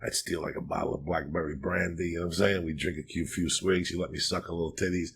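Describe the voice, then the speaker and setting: A man from Cuba, a podcast host, telling crude comic stories in a profane, rambling, animated way. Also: deep voice, fast, vocal fry, slight background noise.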